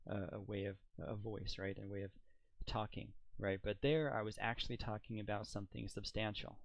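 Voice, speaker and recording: Man, low voice, dry close sound, casual rambling commentary, mocking, lots of ums. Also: dry recording, muffled recording. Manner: rambling, hesitant, with frequent fillers and rhetorical questions; incredulous and mocking. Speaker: political commentator.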